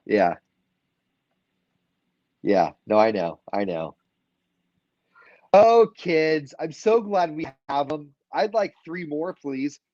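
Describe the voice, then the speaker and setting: A man's voice: on the high side, very animated, takes it slowly, long pauses, a little mellow, no room sound, dull audio. A man co-hosting a casual morning show, easygoing and supportive, sometimes hesitating mid-sentence. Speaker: live stream co-host.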